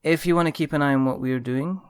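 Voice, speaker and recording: A man's voice: on the high side, fairly even intonation, fast talker, clean tone, no room sound. Jokey male podcast host, dry sound. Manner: jokey, plugging the show. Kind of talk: casual chat and show outro.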